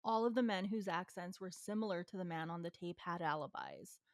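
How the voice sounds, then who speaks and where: Woman co-host, curious questioner, steady case narration, dry mic. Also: lowish voice, fairly quick, no room sound. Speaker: podcast co-host. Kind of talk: casual true-crime chat and case narration.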